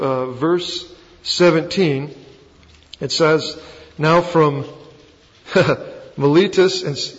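A man with a Texan accent, teaching a Bible lesson as a pastor in a folksy, self-deprecating, conversational way. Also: fairly high pitch. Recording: dull recording with long hall reverb.

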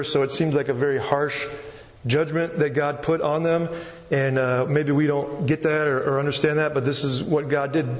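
A man with a slightly high voice preaches a loose, chatty sermon, often stopping and restarting his sentences. His voice rings through a large hall with a long, echoing tail. The sound is dull and muffled. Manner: conversational, rambling with restarts.

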